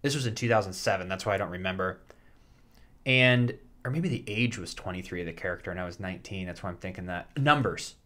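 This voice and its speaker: Man, 30s, casual podcast co-host, lowish voice, halting and rambling, lots of restarts. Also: bright, forceful tone, slight background noise. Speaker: podcast co-host and soap actor. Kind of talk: casual chat.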